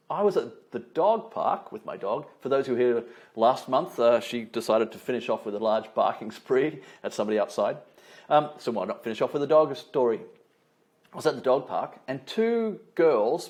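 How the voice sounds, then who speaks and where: Chatty male communication trainer. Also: mid-range voice. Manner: conversational, checks in often with "all right?"; tells anecdotes with light laughter. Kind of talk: live online training talk.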